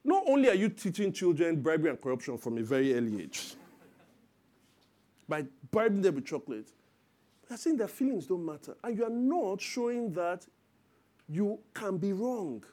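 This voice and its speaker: A man in his thirties preaching a sermon as pastor, lively and acting out parents and children in quoted voices. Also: sits high, moderate pace.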